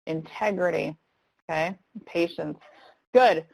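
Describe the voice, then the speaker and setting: Low-voiced woman leading an online training. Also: slow, creaky, darkish tone, husky, no room sound, poor audio. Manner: conversational, reads chat comments aloud, frequent ums. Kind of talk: live online training session.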